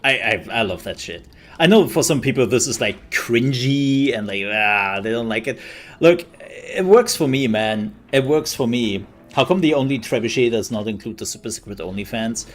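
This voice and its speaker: A man giving relaxed, chatty commentary as he streams a game and thanks his viewers. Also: medium pitch, moderate pace. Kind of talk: casual gameplay commentary.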